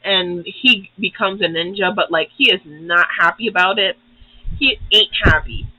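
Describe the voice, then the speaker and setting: A man's voice: high-pitched, moderate pace, sharp tone, slightly rough, no room sound, lo-fi sound. A young man hosting his own channel, giving a casual, rambling recap of a show full of swearing. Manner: profane, rambling, acts out characters. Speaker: YouTube host.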